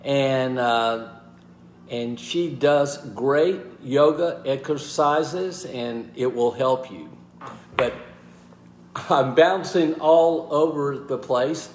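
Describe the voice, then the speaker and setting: A man hosting a motivational live talk, speaking haltingly with pauses and restarts and greeting viewers by name. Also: medium pitch, roomy sound, a little hiss or hum. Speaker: host.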